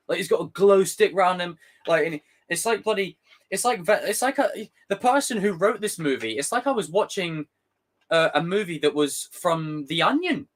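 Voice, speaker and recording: Man, live-stream chat, lively swooping pitch, exasperated ranting, swears a lot. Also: moderate pace. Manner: swears freely. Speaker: streamer reading chat donations.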